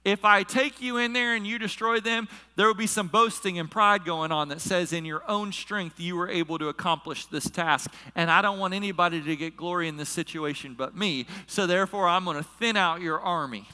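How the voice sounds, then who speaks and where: A high-voiced male pastor preaches and tells a personal story, slipping into the voices of the people in it. His tone is sharp and bright, and it carries through the long reverb of a large church hall. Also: brisk, few pauses, smooth. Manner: storytelling, acts out quoted voices. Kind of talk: sermon.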